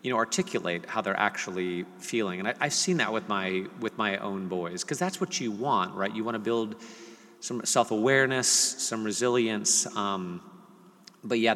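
Brief: middle-aged male co-host, bright forceful voice, lively storyteller, long reverb. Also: fairly low pitch. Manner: animated storyteller, acts out family banter. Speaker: podcast co-host. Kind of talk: casual chat. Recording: long hall reverb, faint noise.

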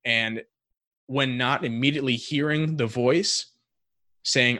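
A man talks through his thoughts on a podcast in a reflective, searching way, pausing on fillers as he works out each idea. His voice sits in an ordinary middle register. It is recorded close and dry, with no room sound. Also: medium pitch, bright, forceful tone, dry recording. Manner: reflective, thinks aloud with many "like" fillers. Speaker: podcast co-host. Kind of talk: casual faith discussion.

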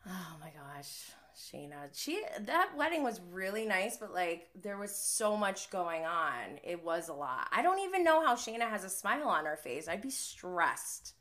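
Chatty bright-voiced woman recapping TV. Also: lowish voice, big pitch swings, measured pace, few pauses. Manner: chatty, laughing, filler-heavy. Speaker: recap host. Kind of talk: casual reality TV recap.

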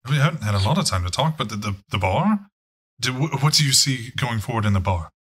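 A man's voice: medium pitch, animated, fast talker, a bit bright, husky. A man voicing a confused, rambling older man who stammers and talks ponderously. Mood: earnest.

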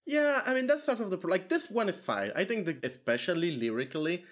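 A man's voice: a little high, sing-song, fast talker. A man co-hosting a casual music podcast, rambling with many "like"s and restarts. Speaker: podcast co-host. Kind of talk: casual chat.

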